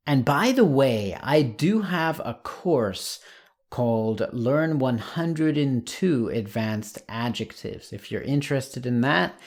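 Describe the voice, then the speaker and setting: A man teaching an English lesson online, saying example words slowly and clearly. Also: medium pitch, darkish tone.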